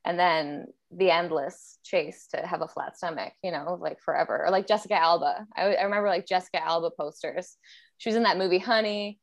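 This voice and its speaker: A woman's voice: on the low side, fairly even intonation, a little fast, gravelly. A woman co-hosting a podcast, talking in a reflective, casual way and laughing often. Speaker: podcast co-host. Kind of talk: casual chat.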